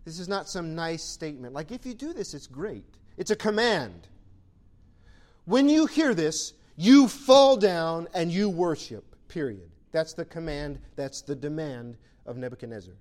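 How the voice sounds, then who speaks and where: Male pastor, high voice, emphatic exhortation, rhetorical questions; sermon delivery. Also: expressive, measured pace, darkish tone.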